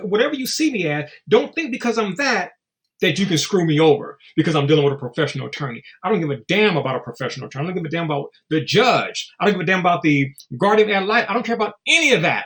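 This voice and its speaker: A man whose voice sits high and a bit bright appears as a guest in a casual interview. He talks bluntly and profanely, recounting stories and dramatizing quotes.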